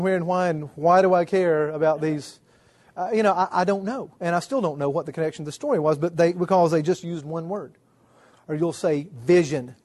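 A man's voice: sits high, a little mellow. A middle-aged man giving a lecture on writing, wry and self-deprecating, mimicking the people he quotes. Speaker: writing instructor. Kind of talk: classroom lecture.

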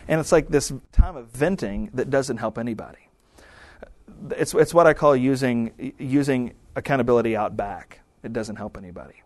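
A man's voice: medium pitch, a little mellow, no echo. A married man preaching a sermon in a conversational style, often acting out quoted prayers and remarks. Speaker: pastor.

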